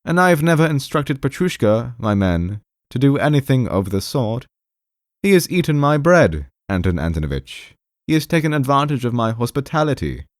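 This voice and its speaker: Playing an anxious clerk in an audiobook, a male narrator pleads timidly in a quavering voice, repeating the name of the man he's speaking to. His mid-range voice has a sing-song lilt and a darkish tone at normal speed, pushed up in pitch but close to an everyday voice. It's a dry, studio-quality recording.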